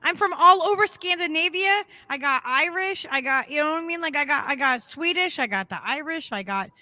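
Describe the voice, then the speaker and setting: A woman's voice: high-pitched, animated, fairly quick, sharp tone. A woman hosting a casual heated chat, blunt and swearing a lot.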